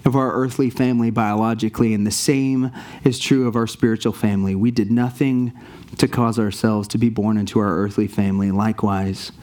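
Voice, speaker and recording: A man preaching a sermon to his church, earnest and rising in pitch on the points he stresses. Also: steady tone, brisk, darkish tone. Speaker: pastor.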